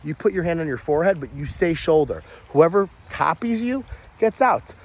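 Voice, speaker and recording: A young adult man who works as a party entertainer, explaining kids' party games in an energetic how-to style and breaking into loud high shouts when he acts out the calls. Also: normal speed.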